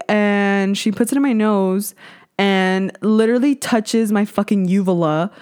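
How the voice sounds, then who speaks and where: A woman's voice: fairly even intonation, normal speed, darkish tone, clean tone. Candid, swearing young woman podcast host. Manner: candid, swears freely, mimics others with high squeaky voices. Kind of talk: casual solo podcast chat.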